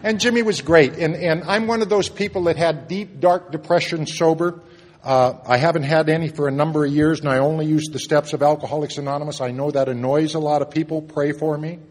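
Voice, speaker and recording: A man sharing a personal recovery story at a meeting, earnest, moving between loud and hushed moments. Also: a little high, steady tone, brisk, a little hiss or hum. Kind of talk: personal testimony talk. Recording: long reverb of a hall.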